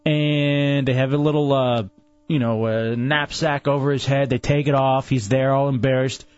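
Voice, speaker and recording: A man's voice: medium pitch, flat delivery, moderate pace, darkish tone, smooth, dry recording, highs cut off. A man hosting a talk radio show, opinionated and argumentative in casual banter.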